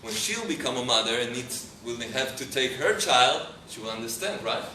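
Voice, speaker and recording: Animated rabbi in an echoey hall. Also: male voice, medium pitch, normal speed. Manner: animated, often searching for English words. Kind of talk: storytelling lecture to a live audience. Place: lecture hall with audience. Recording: roomy hall, far mic, background noise.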